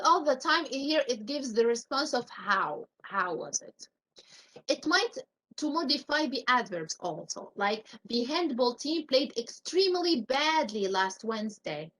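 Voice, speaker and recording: In a rough recording, a woman's high, slightly bright voice guides a live class through English grammar. She explains every rule step by step, offers one example after another and keeps putting questions to her students.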